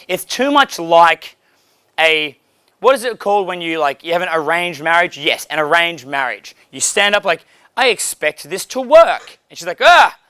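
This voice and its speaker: A man's voice: on the high side, sharp tone, clear, resonant tone, no echo. A man giving casual, blunt, profane coaching on approaching women, laughing now and then. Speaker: dating coach.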